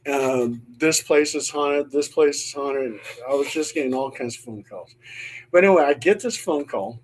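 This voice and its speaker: A man's voice: mid-range voice, normal speed, slight background noise. A middle-aged man, a paranormal investigator, telling a ghost story on a panel show and acting out the voices he quotes.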